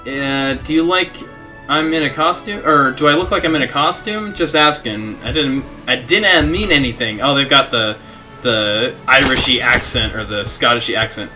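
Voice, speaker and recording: With a fairly high, bright, forceful voice that is animated yet slow, a young man plays a video game and chats in casual let's play style. He reads the game text out loud and laughs at his own antics over faint background game music.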